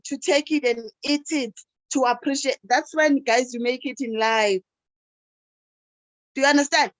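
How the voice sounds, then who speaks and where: A woman's voice: fairly high pitch, dry recording, dull audio. Emotional woman coaching a call. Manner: emotional, repetitive, keeps addressing listeners as guys. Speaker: teacher and life coach. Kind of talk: motivational talk on a video call. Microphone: video call.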